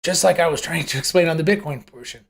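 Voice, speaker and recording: Talking quickly with some vocal fry, this mid-range host of a live show gives loose, conversational commentary on price charts. Self-corrections crop up mid-sentence, along with homely comparisons and rhetorical questions.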